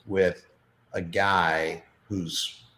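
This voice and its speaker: In a roomy, echoing recording, a middle-aged man chats as a podcast guest, rambling casually with lots of fillers. His voice sits low and barely moves in pitch, very slow and sharp in tone.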